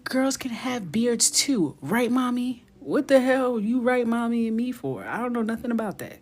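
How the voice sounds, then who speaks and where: A woman's voice: on the high side, lively intonation, moderate pace, faint music behind, pitched above the performer's own voice. A woman voicing her young son as a cheeky boy who innocently teases his mother in a sing-song tone. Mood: teasing.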